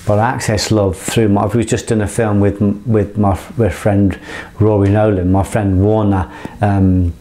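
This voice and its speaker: A middle-aged man with a fairly low voice speaks in an earnest, impassioned monologue. He swears freely and rambles, often restarting his sentences as he pushes his point. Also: flat delivery, unhurried, warm tone. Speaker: motivational speaker.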